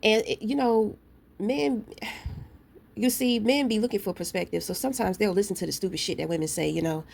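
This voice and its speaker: Woman, vlogger, casual rant, blunt, profane, confrontational, storytelling asides, mid-pitched voice. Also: fairly quick, creaky, a little mellow, slight background noise. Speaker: parent.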